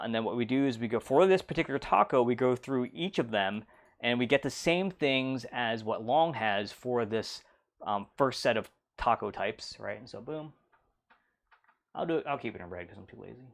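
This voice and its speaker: A man's voice: mid-range voice, lively intonation, a little fast, creaky. A man teaching a programming lesson in a casual, loose way, full of fillers and playful sound effects. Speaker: instructor. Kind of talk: casual whiteboard lecture.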